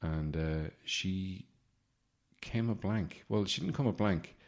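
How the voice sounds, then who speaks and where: A man's voice: sits low, slow. A man hosting a podcast, giving a comedic monologue in a sardonic, rambling way with swearing. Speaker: podcast host.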